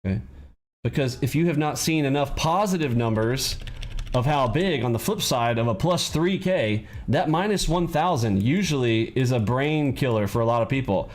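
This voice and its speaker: A man coaching day traders in a live lesson, emphatic and preachy, driving points home with repeated "okay?" and "you got it?", his voice swinging from low to high. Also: animated, moderate pace. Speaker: trading coach. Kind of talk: livestream trading lesson.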